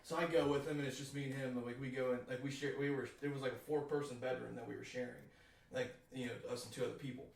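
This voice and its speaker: A man's voice: mid-range voice, steady tone, fast talker, gravelly. A young man, a guest from a band, telling a long story in a rambling, profane way, laughing often and filling gaps with "like". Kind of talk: casual storytelling. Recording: echoey room, distant mic.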